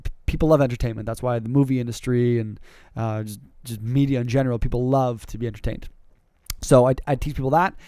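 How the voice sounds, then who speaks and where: A man talking on his own podcast as a public speaking coach, energetic and emphatic, with many fillers and repeated words. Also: mid-range voice, clean tone, no room sound, studio quality. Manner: energetic, emphatic, rising to excited peaks. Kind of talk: podcast monologue.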